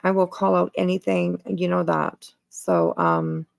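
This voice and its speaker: A woman's voice: lowish voice, big pitch swings, a little slow, creaky, dry recording. A woman hosting a livestream, greeting viewers in casual chat and repeating herself with many fillers. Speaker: livestream host.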